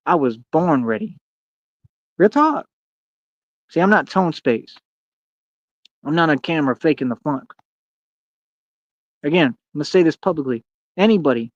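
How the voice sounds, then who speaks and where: A man's voice: fairly high pitch, darkish tone, no room sound, highs cut off. A man delivering a confrontational, boastful rant as a streamer, heavy on slang and taunts. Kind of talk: ranting monologue to camera.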